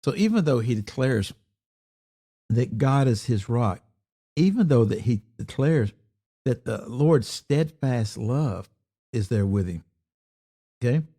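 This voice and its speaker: Mellow-voiced man teaching scripture. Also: mid-range voice. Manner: reads scripture slowly, then explains with lively emphatic questions; addresses listeners as folks. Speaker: Bible teacher. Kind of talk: devotional Bible teaching.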